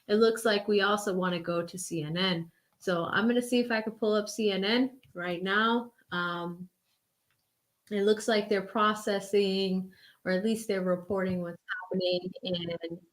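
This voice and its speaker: Bright-voiced Boston woman streaming live. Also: medium pitch. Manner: animated, chatty, addresses chat directly. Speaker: livestream host. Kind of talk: live election commentary.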